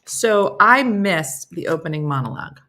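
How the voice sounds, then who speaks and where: A woman's voice: fairly low pitch, animated, normal speed, sharp tone. A middle-aged American woman hosting a casual live morning show, chatting and joking with viewers by name in a self-mocking way. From United States. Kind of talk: casual live-stream chat reading comments.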